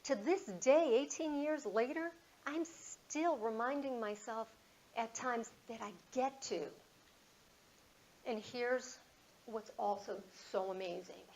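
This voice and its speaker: A woman in her fifties, a motivational speaker telling a personal story in a conversational, animated way. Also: on the high side, slow, gravelly, muffled recording, slight background noise. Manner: conversational, animated, acts out dialogue.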